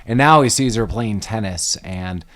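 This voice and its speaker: A man's voice: fairly low pitch, normal speed, a bit bright. A man in casual film discussion, animatedly retelling scenes and laughing often.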